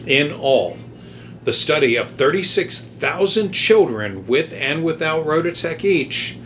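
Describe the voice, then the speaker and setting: A man hosting a podcast, calmly and methodically explaining study findings. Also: on the high side, a little hiss or hum. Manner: measured, methodical fact-checking. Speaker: podcast host. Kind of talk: explanatory commentary.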